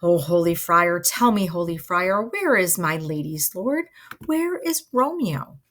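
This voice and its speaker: A woman doing a shrill, fussy old nurse. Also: animated, a little slow, fairly bright tone, a little hiss or hum. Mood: pleading. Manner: high-pitched, pleading, dramatic. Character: fussy older female nurse, emotional and insistent. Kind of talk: dramatic reading of a play.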